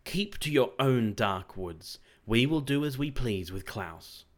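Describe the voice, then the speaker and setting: A man voicing a fierce, boastful male king of evil creatures, loud and shouting his defiance. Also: mid-range voice, lively intonation, slow, pitched above the performer's own voice. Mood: angry.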